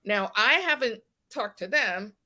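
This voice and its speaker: Slow, bright-voiced woman telling a story. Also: medium pitch. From West Virginia, USA. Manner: animated storyteller, acts out quoted exchanges. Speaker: guest. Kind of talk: podcast conversation.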